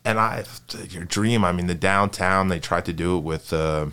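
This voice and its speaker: A man's voice: sits low, normal speed, pushed and bright, clear, resonant tone. A middle-aged man from New Jersey, a guest on a podcast, talking in an earnest, rambling, good-hearted way. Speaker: podcast guest, bar general manager. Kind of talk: casual interview talk.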